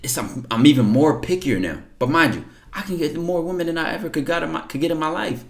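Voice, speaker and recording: A man's voice: fairly high pitch, fast talker, gravelly. A man casually reacting to viewer messages on a livestream, blunt and profane, lecturing his chat.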